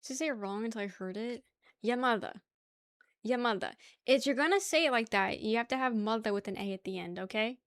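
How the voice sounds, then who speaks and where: A woman's voice: fairly high pitch, fast talker, few pauses, no room sound. Chatty New woman streamer, dry sound. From New York. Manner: chatty, laughs a lot, argues playfully with chat. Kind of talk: casual live-stream chat.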